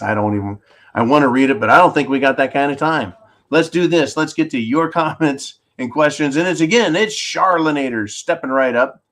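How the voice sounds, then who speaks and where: A man's voice: mid-range voice, a bit bright. A man from California hosting a political commentary stream, combative and sarcastic as he rants and answers viewer comments. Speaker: channel host reading viewer comments.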